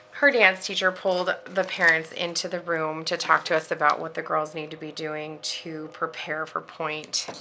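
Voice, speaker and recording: A woman's voice: low voice, gravelly, pushed and bright, slight background noise. A woman in her thirties chatting casually in a planning vlog, telling a story with lots of fillers. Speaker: planner vlogger and parent. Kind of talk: casual chat while decorating a planner.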